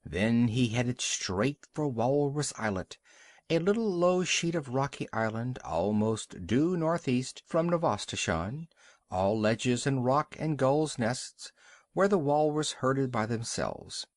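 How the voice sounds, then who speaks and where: A man's voice: mid-range voice, animated, slow, no echo. A man narrating a classic animal story as an audiobook reader, telling it expressively. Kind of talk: scripted narration.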